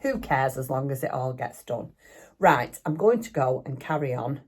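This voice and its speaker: A woman's voice: a bass voice, expressive, moderate pace, a little mellow, slightly rough. An older woman, chatting casually and rambling a little as she films a craft vlog in her home craft room. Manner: chatty, rambling, self-deprecating. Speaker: craft vlogger. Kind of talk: casual chat.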